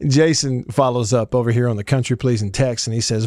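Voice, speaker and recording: A man's voice: mid-range voice, a little slow, pauses often, a little mellow, no echo, clean studio sound. A man hosting a sports talk radio show, incredulous and joking, laughing often. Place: radio studio. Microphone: studio microphone.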